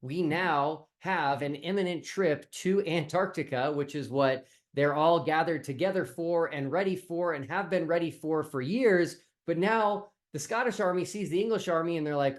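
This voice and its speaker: A man's voice: on the high side, normal speed. A male host giving a casual spoken update, retelling a film scene as a comparison. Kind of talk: casual commentary.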